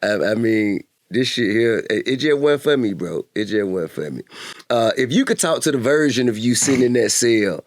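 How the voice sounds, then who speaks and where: A middle-aged man hosting a casual conversation, relaxed and quick to laugh, reacting often. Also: medium pitch, slight background noise. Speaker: host.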